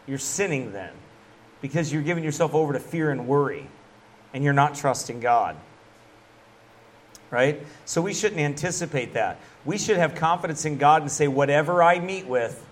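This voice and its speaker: Male pastor, conversational sermon, slightly high voice, lively and chatty. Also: slight background noise. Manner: conversational, animated preaching with laughs and asides.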